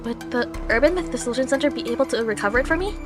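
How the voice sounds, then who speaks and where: A woman's voice: high-pitched, expressive, racing, music in the background. A woman reading the lines of a polite, worried male company boss in a formal, requesting way.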